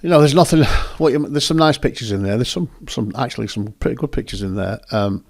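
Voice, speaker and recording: Talking fast in a medium-pitched, darkish voice, a man hosts a casual run through his own photos. The commentary is chatty, rambling and full of self-corrections, recorded in clean studio sound without echo.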